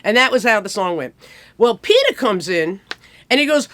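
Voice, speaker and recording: A woman in her sixties telling lively stories from her music career, acting out people as she goes. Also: medium pitch. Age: 60s. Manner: animated, acts out people in quick impressions. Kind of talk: casual storytelling.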